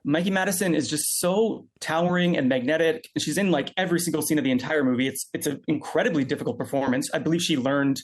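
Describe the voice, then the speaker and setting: A man film critic on a casual panel, enthusiastic and quick, leaning on "um" and "I mean". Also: fairly high pitch.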